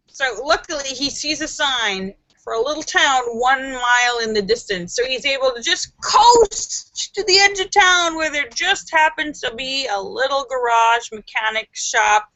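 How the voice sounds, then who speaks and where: A woman hosts a relaxed joke session on a livestream, reading and telling jokes with playful, animated delivery. Her voice sits a little high and bright. She takes her time with each line. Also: unhurried, hardly any pauses, no echo. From Los Angeles based. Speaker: livestream host.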